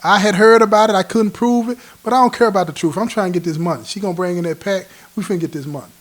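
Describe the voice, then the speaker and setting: Man, higher voice, streetwise host telling a prison story in slang, animated, quotes people in character. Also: very fast. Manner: animated, laughs at his own story. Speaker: host telling his own prison stories. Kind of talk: casual spoken storytelling.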